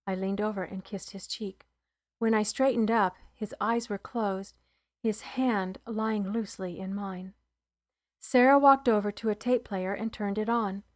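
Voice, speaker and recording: A woman reading her own novel aloud as a podcast author and narrator, in a soft, subdued way. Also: mid-range voice, fairly even intonation, unhurried, no echo, clean studio sound.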